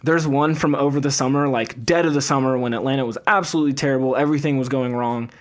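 A man's voice: medium pitch, steady tone, quick pace. A man co-hosting a casual sports podcast, eager and upbeat as he tells stories. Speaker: podcast co-host. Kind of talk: casual chat.

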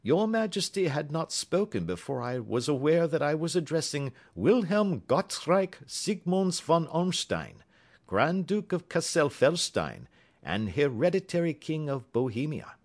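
A man's voice: on the high side, sing-song, pitched above the performer's own voice, exaggerated voice. A man voicing a cool, languid detective who speaks dryly and precisely. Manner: dry, measured.

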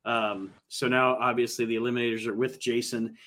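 A man's voice: medium pitch, level tone, brisk, sharp tone. A man hosting a casual podcast, recapping a show with frequent "uh" fillers. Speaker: podcast host.

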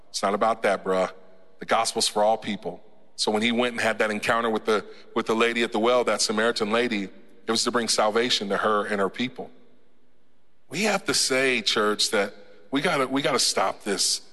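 A male pastor preaching to his congregation in a loose, conversational way, tossing in jokes and laughing at his own asides. His voice is bright and forceful. The sanctuary gives him a long, hanging reverb. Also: medium pitch. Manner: conversational and joking, with laughs and repeated restarts. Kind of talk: sermon. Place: church sanctuary. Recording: church hall with long reverb.

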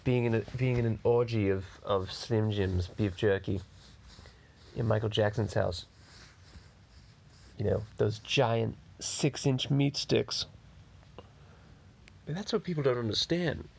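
A man's voice: on the low side, slow, creaky, long pauses, a little mellow, full character voice. A man voicing a foul-mouthed, rambling cartoon baby boy in an improvised parody monologue full of crude tangents.

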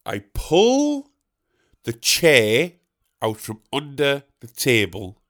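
A man's voice: mid-range voice, huge pitch swings, very slow, fairly bright tone. A man hosting a podcast, telling a rambling comic story with lots of swearing and questions he asks himself, then answers. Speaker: podcast host.

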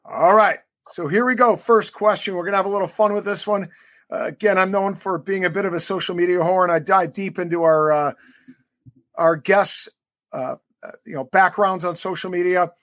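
A man's voice: sits high, steady tone, brisk, a bit bright, no echo. A man co-hosting a rugby podcast, chatting casually and rambling with fillers. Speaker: podcast co-host. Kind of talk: casual interview banter.

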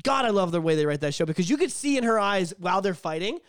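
A man co-hosting a casual podcast, excitable, swearing freely and acting out quotes with big swings in his voice. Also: high voice, quick pace, no echo, clean studio sound. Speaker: podcast co-host.

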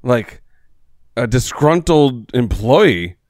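A man's voice: medium pitch, big pitch swings, extremely slow, darkish tone, dry recording. A man playing a tabletop game, making wry jokes in casual chat. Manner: joking, wry. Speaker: player.

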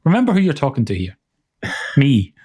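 A man co-hosting a podcast in casual chat, enthusiastic and quick to laugh, often restarting his sentences. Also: mid-range voice, wildly swooping pitch, darkish tone, breathy edge. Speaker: podcast co-host.

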